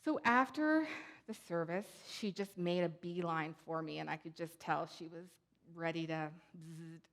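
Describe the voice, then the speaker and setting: A woman's voice: fairly low pitch, moderate pace, a bit bright. A woman who directs a community centre, giving a conference talk in a chatty, digressive way full of asides.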